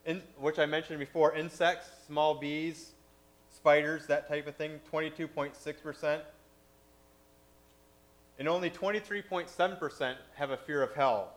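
A man's voice: fairly high pitch, fairly bright tone. A man giving a sermon in a conversational way, with frequent "you know" fillers. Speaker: preacher.

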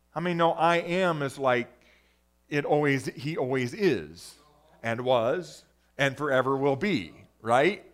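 A man preaching a sermon, reading scripture emphatically and calling to the audience for responses. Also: medium pitch. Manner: emphatic, rises to loud exclamations when reading scripture.

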